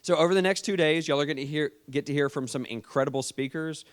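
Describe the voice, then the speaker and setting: A man's voice: a little high, fast talker, clean tone. A man with a down-home Tennessee accent, a state official giving a folksy, friendly conference welcome speech on stage. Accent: Southern US, Tennessee. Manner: folksy and friendly, says "y'all" often. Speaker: state insurance commissioner giving welcome remarks.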